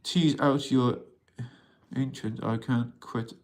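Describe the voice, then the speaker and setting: A man's voice: medium pitch, fairly even intonation, slow pace, a little mellow. A man hosting a casual livestream about mental health, rambling as he reads out and answers viewers' comments and talks to them as an alien persona addressing humans, in an accent viewers ask about. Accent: unplaced accent that viewers ask about. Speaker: livestream host.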